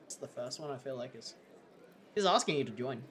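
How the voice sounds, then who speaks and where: A woman's voice: rumbling low, expressive, a little fast, a little hiss or hum. A woman streaming a game, reading character lines aloud and playfully mangling foreign words between laughs. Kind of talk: casual game playthrough chat, reading dialogue aloud.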